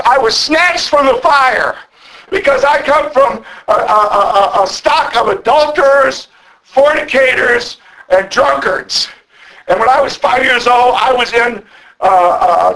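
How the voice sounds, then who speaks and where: High-voiced man preaching a sermon. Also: a bit bright, poor audio. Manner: halting, repeats words, many fillers.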